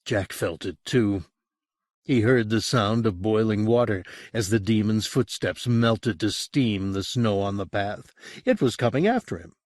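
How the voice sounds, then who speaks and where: A man reading a horror audiobook as narrator, in an expressive storytelling manner. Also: on the low side, a little slow, no echo, studio quality. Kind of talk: scripted narration.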